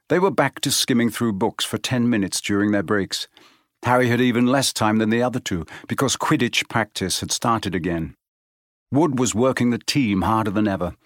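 A man with a fairly low voice narrates an audiobook in a measured, steady storytelling style. The recording is studio quality, with no room sound.

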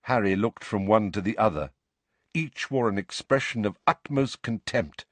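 A man's voice: on the low side, normal speed, dry recording. A man narrating an audiobook expressively, voicing each character himself.

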